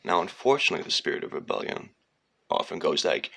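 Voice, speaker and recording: A man's voice: low-pitched, sing-song, quick pace, vocal fry, pushed and bright, slightly rough. A man telling a digressive, profane story in a rambling monologue. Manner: digressive, profane, slips into sung lines and mocking voices.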